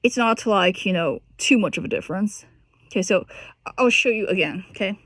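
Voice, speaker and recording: A woman's voice: medium pitch, animated, fairly quick, a bit bright, no echo, studio quality. A woman teaching a singing lesson, explaining technique with lots of restarts and breaking into short sung and spoken demonstrations.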